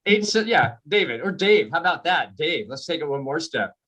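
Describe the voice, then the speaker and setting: A man doing a stand-up comedy set on a video call, telling stories in an animated way and laughing at his own jokes. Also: fairly high pitch, moderate pace.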